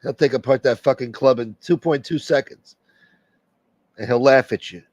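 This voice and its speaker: A man's voice: mid-range voice, moderate pace, a little mellow, dry recording, highs cut off. A man hosting a casual livestream, joking brashly with viewers and swearing freely. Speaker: livestream host.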